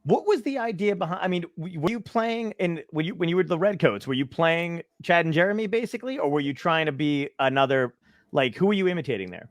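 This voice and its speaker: A man's voice: a little high, expressive, fast, no room sound. A man hosting an interview, asking casual questions with many fillers and restarts. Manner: friendly, hesitant questions with fillers. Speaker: podcast host.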